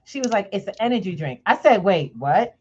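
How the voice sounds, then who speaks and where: A woman's voice: mid-range voice, a little fast, husky. Chatty woman host, lo-fi sound. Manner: lively, chatty, laughs often. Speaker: podcast host. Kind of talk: casual chat, storytelling.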